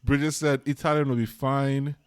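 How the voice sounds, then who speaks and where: A man's voice: medium pitch, little pitch movement, normal speed, smooth, no echo, clean studio sound. A man co-hosting a casual movie podcast, emphatic and exasperated as he critiques a film. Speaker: podcast co-host.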